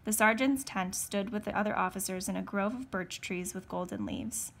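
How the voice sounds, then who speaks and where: A woman teacher reading a novel aloud, steady with occasional slips and self-corrections. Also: mid-range voice, normal speed, vocal fry.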